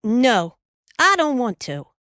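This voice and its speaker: A woman's voice: fairly high pitch, sing-song, takes it slowly, bright, forceful tone, no echo, studio quality, voice pushed up, full character voice. A woman doing a small, stubborn boy. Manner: stubborn, sulky refusals.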